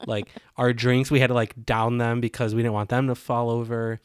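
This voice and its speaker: A man's voice: medium pitch, moderate pace, clear, resonant tone, no echo, studio quality. A young man casually telling a story on a podcast, acting out what people said along the way. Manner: animated storytelling, acts out quotes. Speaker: podcast co-host. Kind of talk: casual chat.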